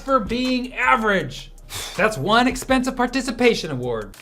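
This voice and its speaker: A man delivering a scripted comic monologue, teasing the listener with deadpan jabs. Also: extremely high pitch, normal speed. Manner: mock-insulting, deadpan jabs at the viewer. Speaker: comedian. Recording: voice over light background music.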